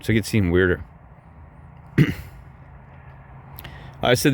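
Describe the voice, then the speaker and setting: Gruff low-voiced man telling a heated story. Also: normal speed, pauses often, a little hiss or hum. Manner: heated, cursing, repeats "I said" often, voice jumps higher when quoting himself. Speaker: vlogger telling a personal story. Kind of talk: rambling angry storytelling to viewers.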